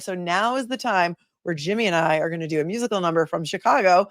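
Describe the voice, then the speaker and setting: A woman's voice: on the low side, fast talker, no room sound, clean studio sound. A middle-aged woman hosting a livestream, reading viewer comments aloud and chatting back to them. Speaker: livestream host.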